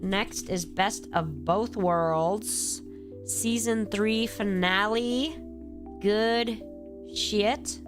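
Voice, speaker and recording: A woman with a cold, tired and rambling casually on a live stream, swearing freely and answering her chat as she goes. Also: medium pitch.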